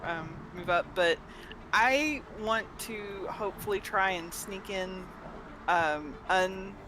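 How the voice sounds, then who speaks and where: A man playing in a tabletop game, planning his moves out loud in a hesitant way with many fillers. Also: high-pitched, takes it slowly, background noise. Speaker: player. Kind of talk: casual game chat.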